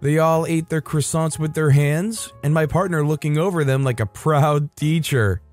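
A man hosting a story channel, reading online revenge stories aloud in a casual, lively way. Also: on the high side, moderate pace, faint music behind. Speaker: story channel host and narrator.

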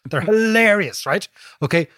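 A man with an Irish accent, co-hosting a podcast in casual chat, telling stories in an animated way and often asking "right?". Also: sits high, no echo, clean studio sound. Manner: animated, quick storyteller, keeps asking "right?". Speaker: podcast co-host, economist.

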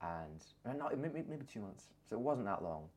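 A man's voice: on the low side, moderate pace, breathy edge. A young man co-hosting a podcast, telling stories in casual chat with frequent laughter. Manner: laughs often, animated storytelling. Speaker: podcast co-host.

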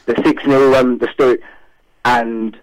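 A man's voice: mid-range voice, flat delivery, takes it slowly, slight background noise, rough recording. A man calling into a football fan show, ranting with frustration about his team. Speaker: caller. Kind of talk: fan phone-in rant.

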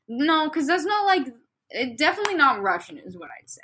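A young woman with a bright, forceful voice pitched a little high, co-hosting a casual chat podcast. She reads a fan story aloud and breaks off into exasperated, swearing asides. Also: a little fast. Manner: animated, exasperated, swears freely, bursts into laughter.

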